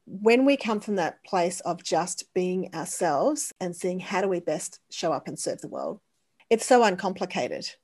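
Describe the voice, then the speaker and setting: A woman hosting a relaxed interview, chatty, laughing often and talking with lots of fillers. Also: fairly low pitch, a little slow. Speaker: interview host. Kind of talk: casual video-call conversation.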